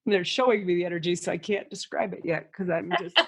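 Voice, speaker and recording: Animated, swearing woman channeler. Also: fairly low pitch, fast talker, breathy edge. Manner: animated, swears freely, acts out voices and sounds. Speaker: psychic channeler and podcast host. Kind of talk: casual spiritual podcast reading.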